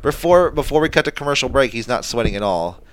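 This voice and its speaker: A man's voice: mid-range voice, expressive, fast talker, fairly bright tone, a little hiss or hum. A man co-hosting a casual wrestling podcast, leading the rundown in a rambling way with lots of fillers. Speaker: podcast co-host. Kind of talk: casual wrestling recap chat.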